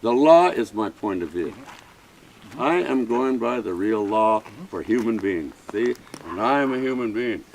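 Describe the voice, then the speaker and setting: A man's voice: lowish voice, expressive, a little slow, a little hiss or hum, poor audio. A man, a First Nations chief, arguing with police in a heated face-to-face exchange, impassioned and pleading, repeating his points over and over. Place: outdoor protest camp.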